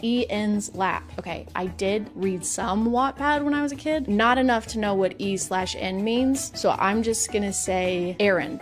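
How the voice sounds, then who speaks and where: Sarcastic young woman reacting over music. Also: a little high. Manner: sarcastic, incredulous commentary. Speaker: video creator reacting to posts. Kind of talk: reading aloud and reacting. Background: background music.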